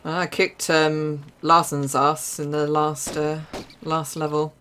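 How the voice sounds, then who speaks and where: A young woman with an Essex accent, chatting casually through live gameplay commentary with quick exclamations and frequent laughs. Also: low-pitched, little pitch movement, a bit bright. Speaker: streamer.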